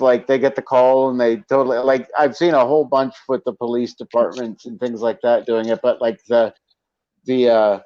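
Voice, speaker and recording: Joking male podcast host, lo-fi sound. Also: mid-range voice. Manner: joking, animated, laughs often. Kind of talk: casual chat. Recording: dull lo-fi sound.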